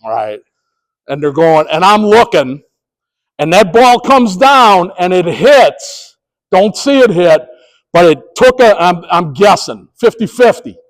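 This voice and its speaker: A man training sports officials, telling a story in an animated way and acting out the scenes. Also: high-pitched, slow, rough recording. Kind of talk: storytelling presentation.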